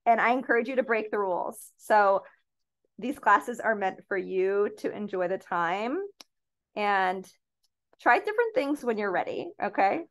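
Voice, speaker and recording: A woman's voice: medium pitch, animated, unhurried. A woman leading a paint-and-sip class, giving upbeat, encouraging step-by-step instructions as she paints.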